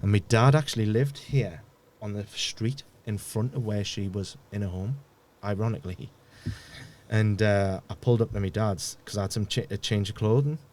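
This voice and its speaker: A man, a podcast guest, telling a painful personal story in a halting way, often repeating words and dropping almost to a murmur. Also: fairly low pitch, a little mellow.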